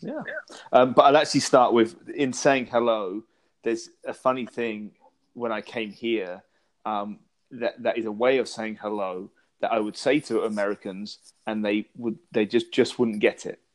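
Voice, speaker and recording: A man's voice: on the low side, steady tone, moderate pace. A middle-aged British man co-hosting a casual podcast, telling stories in a chatty way with frequent restarts and laughter. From Britain. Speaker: podcast co-host. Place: lives in Los Angeles.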